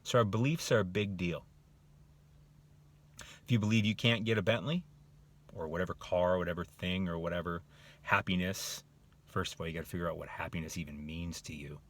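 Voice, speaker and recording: A man's voice: deep voice, fairly even intonation, brisk, pauses often. A middle-aged man talking casually in a motivational monologue, acting out different tones of voice to make his points. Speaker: motivational speaker.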